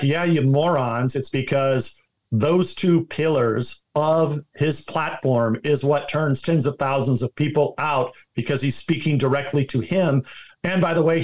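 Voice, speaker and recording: A man's voice: fairly high pitch, darkish tone. A man talking as a guest in an interview, giving emphatic partisan commentary full of restarts and repeated words. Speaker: political guest.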